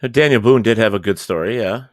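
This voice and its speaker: A man's voice: lowish voice, quick pace, dry recording, clean studio sound. A man hosting a talk radio show, chatting casually with guests and reading chat questions aloud. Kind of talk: casual live-stream hosting.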